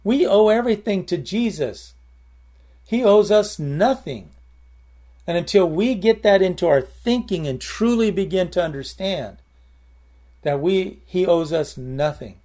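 A man with a high-pitched, warm voice delivers an animated sermon at normal speed. He talks conversationally, emphatically repeating key phrases and breaking off into short prayers.

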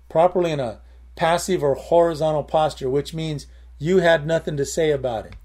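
A man's voice: fairly high pitch, warm tone. A man preaching a sermon in a conversational way, repeating key phrases and breaking into short prayers. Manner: conversational, with prayers and emphatic repetition.

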